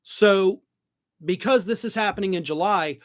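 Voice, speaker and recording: A man's voice: sits high, moderate pace. A middle-aged man hosting a live political stream, reading viewer comments and answering them bluntly, swearing when he gets worked up.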